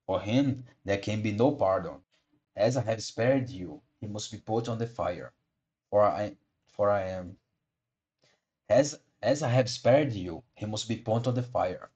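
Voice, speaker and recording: Guy reading a gruff hoarse puppet showman, big beard, loud and slow, low voice. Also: dull audio, natural voice. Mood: stern. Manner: loud, slow, booming delivery with sneezes. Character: gruff bearded male puppet showman, blustering but soft-hearted. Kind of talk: storybook reading.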